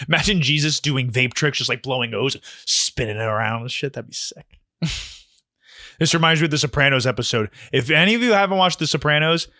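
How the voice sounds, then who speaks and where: Guy riffing on funny shirts, crude rambly jokes, bright tense voice, dry close sound. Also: a little high, no room sound. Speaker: video host reacting to shirts. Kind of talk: casual comedic reaction.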